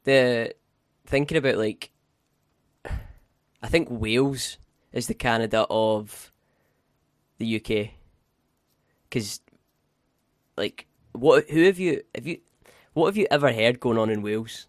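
A man's voice: mid-range voice, slow pace, pauses often, dry recording, clean studio sound. A man co-hosting a podcast, chatting casually, rambling and restarting his sentences, swearing now and then. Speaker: podcast co-host. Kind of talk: casual chat.

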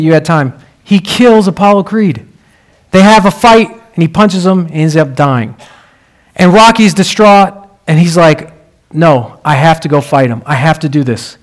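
A preacher delivering a sermon in a fairly high male voice. He tells stories in a conversational way and then swells into emphatic, rallying lines.

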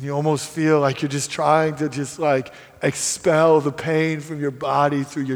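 Guy preaching, earnest, goes quiet then builds up loud, slightly high voice, big echoey hall. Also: fairly even intonation, moderate pace, few pauses. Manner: earnest, swings from hushed to emphatic. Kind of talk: sermon. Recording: long hall reverb.

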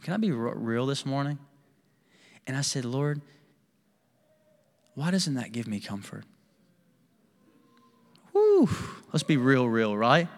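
A young adult male pastor preaching a candid, animated sermon with personal stories and laughter. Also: mid-range voice, big-room sound.

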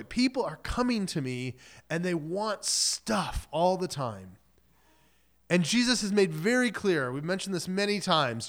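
A man's voice: sits high, fairly bright tone. Casual man preaching with a raised voice. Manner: casual, joking storyteller who acts out quotes. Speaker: pastor. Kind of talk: sermon.

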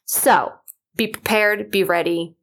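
A woman's voice: mid-range voice, fairly even intonation, takes it slowly, creaky, a bit bright. A woman hosting a podcast, talking casually and rambling with many fillers. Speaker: podcast host. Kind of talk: casual solo chat.

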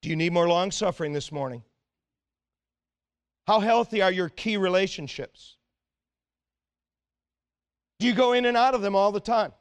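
Earnest, slightly high-pitched male preacher. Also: moderate pace, pauses often, smooth. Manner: earnest and exhorting, often dropping to a quiet, intense tone. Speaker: pastor. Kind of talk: sermon.

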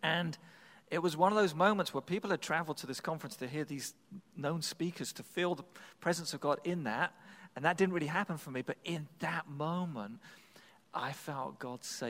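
A man giving an earnest, reflective personal faith testimony, sometimes dropping to a hush. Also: on the high side, fairly quick, in a large hall.

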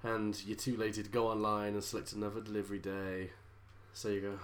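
A woman's voice: extremely low pitch, little pitch movement, fairly quick, slight background noise. An English woman in casual chat, dry and teasing, laughing often as she mimics people. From England.

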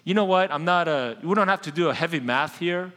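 A man's voice: on the high side, brisk, pushed and bright, big-room sound. A male pastor preaching a casual, conversational sermon and speaking directly to his congregation with questions.

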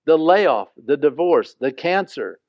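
Man preaching a lively sermon. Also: a little high, a little slow, dry recording, lo-fi sound. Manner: animated, explains scripture conversationally, acts out quoted lines. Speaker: pastor.

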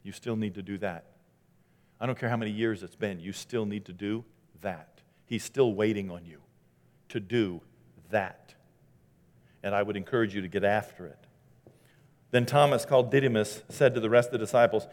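A man preaching a sermon in a conversational, animated way, acting out scripture quotes as he goes. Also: on the low side, moderate pace, long pauses. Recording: long hall reverb.

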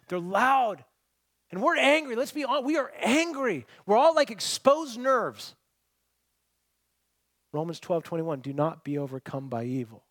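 A man preaching a sermon, earnest and conversational, rising to loud emphasis and dropping to near-quiet. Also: high-pitched, no echo. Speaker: pastor.

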